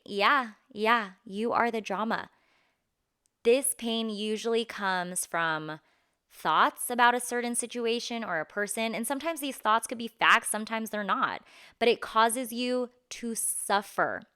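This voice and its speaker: A young woman hosting a podcast, telling a personal story in a candid, animated, slangy way with frequent laughs. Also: fairly high pitch, measured pace, smooth. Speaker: podcast host.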